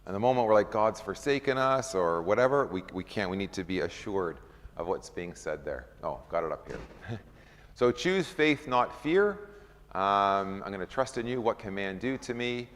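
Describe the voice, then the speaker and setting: A man's voice: lowish voice, expressive, moderate pace, fairly bright tone. A man leading an informal Bible study, talking conversationally, asking the group questions and acting out scripture scenes. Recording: long hall reverb.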